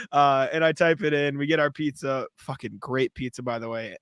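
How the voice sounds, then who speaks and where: A man's voice: a little high, normal speed, a bit bright, no echo. A young man co-hosting a podcast, telling a drunken night-out story with laughs and plenty of swearing. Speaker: podcast co-host. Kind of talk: casual chat.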